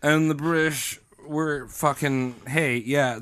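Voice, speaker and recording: A man's voice: fairly high pitch, big pitch swings, unhurried, sharp tone. A man hosting a comedy history podcast, telling the story in a loose, crude, joking way. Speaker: podcast host.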